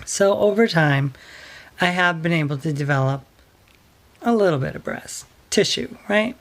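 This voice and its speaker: A woman telling a personal story in a vlog, soft and hesitant, pausing often with fillers. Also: fairly low pitch, lively intonation. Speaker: vlogger.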